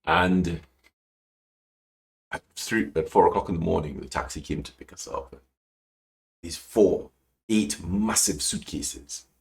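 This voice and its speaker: Podcast guest: a man with a very low voice, emotional and animated, trails off and restarts often. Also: slow, creaky, pauses often. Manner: animated, acts out quoted lines with big pitch jumps. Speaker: guest calligrapher. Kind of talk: personal storytelling in a podcast interview.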